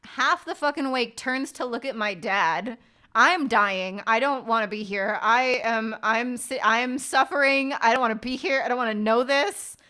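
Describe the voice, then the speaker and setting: A woman's voice: on the high side, moderate pace, bright, forceful tone. A woman streamer telling a wild family story in casual chat, dramatic and profane.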